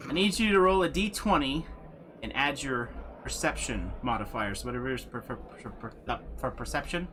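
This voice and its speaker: A man narrating a tabletop game as game master, animated and laughing often. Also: medium pitch, a little fast, over music.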